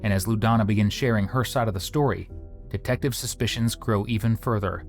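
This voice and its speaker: A male narrator reads a scripted true-crime voice-over in a serious, measured way. His voice sits somewhat low. A quiet music bed plays underneath him. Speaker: documentary narrator. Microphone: studio voice-over mic. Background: faint music.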